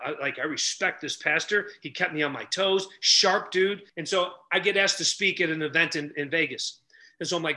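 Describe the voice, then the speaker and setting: An energetic middle-aged man telling stories as a podcast guest, acting out the people he quotes. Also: fairly high pitch, brisk. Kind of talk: animated storytelling.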